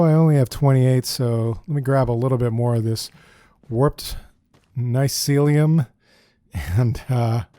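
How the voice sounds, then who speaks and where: Guy chatting thru his game, mellow voice, mid pitch, keeps saying dude. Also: dry recording. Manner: chatty, thinks aloud, often says "dude". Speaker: gameplay commentator. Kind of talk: casual let's-play commentary.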